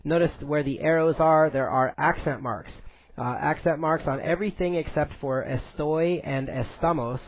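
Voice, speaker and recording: In a recorded lesson, a man explains Spanish grammar in English, going slowly and deliberately with frequent "uh" fillers. His voice is a little high, there's no room sound, and the recording quality is low.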